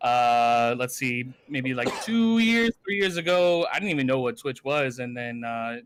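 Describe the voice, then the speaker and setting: A young man guesting on a casual gaming podcast, laid-back and playful, now and then breaking into hype shouts. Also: mid-range voice, expressive, a little slow, slight background noise. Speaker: guest, gaming community founder. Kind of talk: casual chat.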